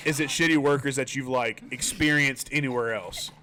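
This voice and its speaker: A man's voice: mid-range voice, steady tone, normal speed, sharp tone. A young man co-hosting a casual podcast, talking in a goofy put-on British accent that slides into Australian. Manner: goofy, playfully theatrical. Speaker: podcast co-host. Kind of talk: joking casual podcast banter. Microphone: studio mic with headphones.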